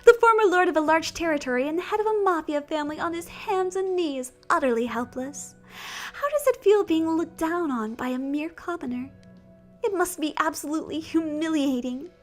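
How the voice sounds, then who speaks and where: A woman voicing a vengeful, gloating witch who cackles and taunts in a high, theatrical voice. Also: lively intonation, normal speed, soft background music. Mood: taunting. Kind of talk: reading a visual novel aloud.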